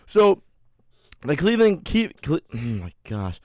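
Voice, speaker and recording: A man's voice: fairly high pitch, huge pitch swings, measured pace, a little mellow, no echo, clean studio sound. A young man co-hosting a college radio sports show, chatting casually, joking and laughing often. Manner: joking, laughs often, plays with silly accents.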